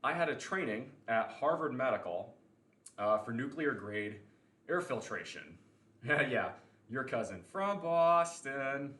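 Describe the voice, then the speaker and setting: A man talking casually on his livestream, opinionated and rambling, with plenty of fillers and restarted sentences. His voice sits at an ordinary middle pitch. The room around him gives a noticeable echo. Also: animated, measured pace, bright, forceful tone. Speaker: podcast host.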